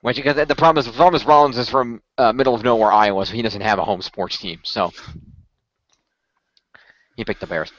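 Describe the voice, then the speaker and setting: A man's voice: medium pitch, fairly quick, pauses often, a bit bright, no room sound. A man hosting a podcast in casual chat, rambling with lots of fillers and restarts. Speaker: podcast host. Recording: muffled lo-fi dry audio.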